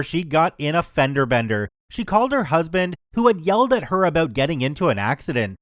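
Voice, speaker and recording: A man's voice: on the high side, no room sound, studio quality. A man reading a story aloud as a scripted narration.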